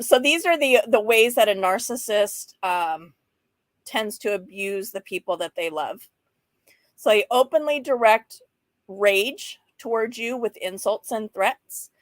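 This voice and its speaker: A woman's voice: fairly high pitch, no room sound. Woman in her fifties, casual host, frank and chatty, laughs often, dry close sound. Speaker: host of a mental health livestream. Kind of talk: casual talk reading slides and chatting with viewers.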